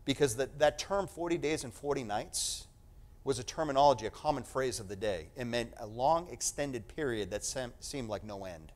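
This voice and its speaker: A male preacher delivering a sermon, emphatic and animated, repeating phrases for effect. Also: mid-range voice, normal speed.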